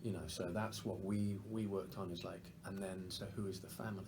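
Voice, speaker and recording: A man's voice: deep voice, fairly even intonation, a little fast, darkish tone, slight background noise. A man with an English accent, an actor chatting animatedly in a press interview and laughing often. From England. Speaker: actor guest.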